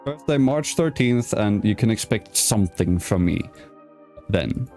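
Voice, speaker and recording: A man's voice: fairly low pitch, expressive, measured pace, dark tone, faint music behind. A young man hosting a casual interview, playful and teasing, often stammering and restarting. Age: young adult. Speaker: host.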